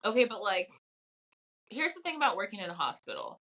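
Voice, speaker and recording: A woman around thirty co-hosting a podcast in casual chat, animated, swearing casually and acting out the voices she quotes. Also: medium pitch, fairly quick. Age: 30s. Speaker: podcast co-host.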